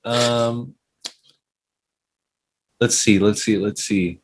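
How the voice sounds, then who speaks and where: A young man co-hosts a relaxed podcast chat, firing off questions. He keeps a playful, teasing edge in a voice of ordinary pitch. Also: drawn-out words, a little hiss or hum. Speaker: podcast co-host.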